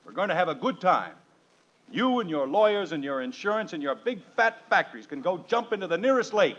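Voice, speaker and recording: A man's voice: sits high, big pitch swings, brisk, fairly bright tone, full character voice. An actor playing an exasperated, sarcastic suburban family father in a 1950s radio sitcom. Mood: defiant. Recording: dull old radio broadcast, faint hiss.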